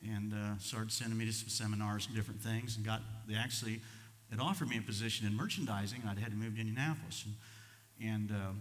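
An older man preaching a sermon, telling personal stories in a folksy, impulsive way that swings from soft to loud. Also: on the low side, fairly even intonation, fast, in a large hall. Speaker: pastor.

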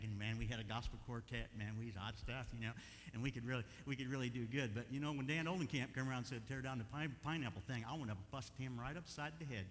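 A middle-aged man preaching a sermon, telling folksy stories with bursts of loud emphasis. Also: mid-range voice. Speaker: pastor. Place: church sanctuary. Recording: long church hall reverb, faint hum.

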